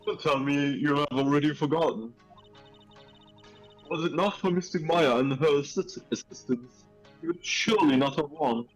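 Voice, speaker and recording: A man's voice: on the high side, huge pitch swings, unhurried, soft background music, heavily acted, low-quality recording. A man voicing a stern elderly woman from a village, formal and scolding, calling the listener "good sir" again and again.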